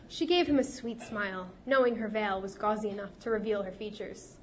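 A woman narrating an audiobook in a measured, expressive storytelling manner. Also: medium pitch, a little hiss or hum.

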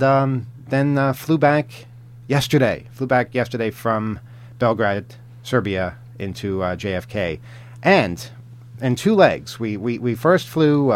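A man co-hosting a podcast, telling travel stories in casual chat, rambling with many fillers and restarts and chuckling often. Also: lowish voice. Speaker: podcast co-host.

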